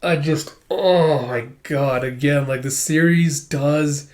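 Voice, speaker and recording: A man's voice: fairly high pitch, takes it slowly, darkish tone. A man hosting a manga reaction video, rambling casually and swearing often.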